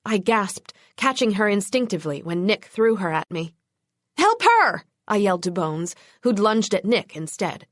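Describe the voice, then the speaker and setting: A woman's voice: medium pitch, moderate pace, few pauses, no room sound, studio quality. A woman narrating a first-person urban fantasy audiobook in a tense, urgent voice.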